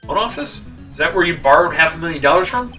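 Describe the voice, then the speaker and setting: A man's voice: fairly high pitch, expressive, fast, bright, forceful tone. A man voicing a wry young lawyer with dry, sarcastic wit, reading game dialogue aloud. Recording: distant mic with game music.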